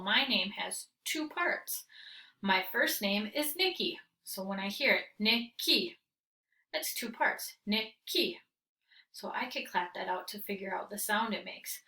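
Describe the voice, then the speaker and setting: Young woman teacher, bright, clear tone, slow, patient delivery for small kids. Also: medium pitch. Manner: slow, patient, drawn-out words for young children. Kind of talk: recorded early-grade phonics lesson.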